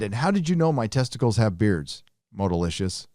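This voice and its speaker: A man's voice: lowish voice, sing-song, fairly quick, darkish tone, no echo, studio quality. A man hosting a live stream, reading viewer donations aloud and answering them with joking, profane, rambling asides. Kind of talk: casual live-stream chat.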